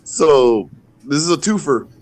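A man's voice: fairly high pitch, expressive, measured pace, a little mellow. A middle-aged man, a podcast co-host, telling a rowdy, profane story with lots of laughter and acted-out lines. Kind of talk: casual storytelling chat.

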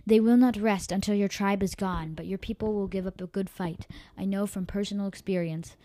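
A woman voicing a fierce female desert tribe soldier who speaks slowly and formally. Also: medium pitch, fairly even intonation, dark tone, dry recording, close to an everyday voice. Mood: grave. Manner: slow, solemn, formal speech.

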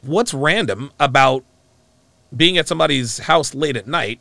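A man's voice: mid-range voice, moderate pace, gravelly, sharp tone, no echo. A man giving a mocking, profane, emphatic reaction commentary on a clip he plays.

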